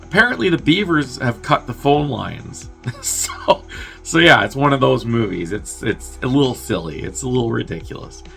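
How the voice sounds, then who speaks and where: A man hosting a movie review show, casually recapping a film's plot in a loose, sweary way, with quick asides where he acts out the characters' lines. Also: mid-range voice, very animated, vocal fry, pushed and bright, soft background music. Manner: loose and chatty, full of "like" and swearing.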